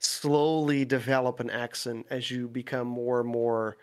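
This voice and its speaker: A native Dutch speaker from the Netherlands talks on a podcast call at a mid pitch. His English is fluent, and he explains things at length with easy fillers. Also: a little slow, clear, resonant tone. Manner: relaxed, talks in long winding explanations with fillers. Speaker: guest. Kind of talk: casual podcast chat.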